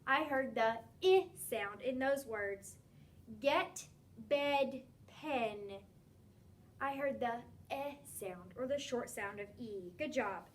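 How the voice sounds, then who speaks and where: A woman teaching a phonics lesson to young children, speaking slowly and pronouncing each sound clearly and encouragingly. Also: fairly high pitch, slight background noise. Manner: slow, clearly enunciated, encouraging.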